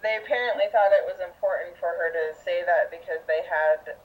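A woman's voice: on the low side, fairly quick, phone-quality sound. A woman co-hosting a casual TV podcast, mostly chiming in with short agreeing replies. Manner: brief agreeing replies, chatty. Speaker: podcast co-host. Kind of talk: casual chat recapping a TV episode.

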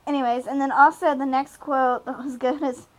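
A woman's voice: high-pitched, flat delivery, normal speed, rough recording. A young adult woman co-hosting a casual podcast about a TV show, rambling with lots of fillers and laughs. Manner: rambling, giggly, many fillers. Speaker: podcast co-host. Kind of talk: casual chat recapping a TV episode.

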